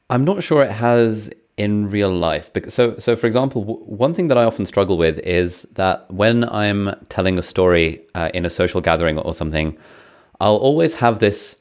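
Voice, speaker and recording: Young male podcast host, very deep voice, relaxed, stumbles and laughs. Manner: laughs easily, halting restarts, reflective. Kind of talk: casual interview chat.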